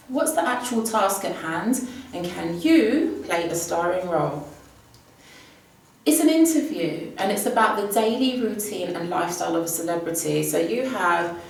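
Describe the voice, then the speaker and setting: A woman's voice: lowish voice, gravelly, slight background noise. Woman teacher in a very echoey room. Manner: upbeat, emphatic, teacherly. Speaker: Spanish teacher. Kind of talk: exam prep lesson. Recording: distant mic with heavy room echo.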